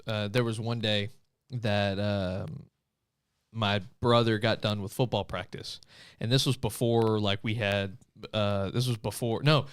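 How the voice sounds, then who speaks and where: A man's voice: fairly low pitch, clean tone. A young man co-hosting a casual podcast chat, telling a rambling story with many restarts. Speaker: podcast co-host.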